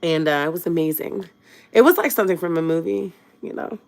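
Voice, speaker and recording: This woman vlogger tells her viewers a personal story in a lively, casual way, using slang and asides, laughing a lot and jumping between hushed and loud. Her voice is lowish and creaky, and she talks briskly.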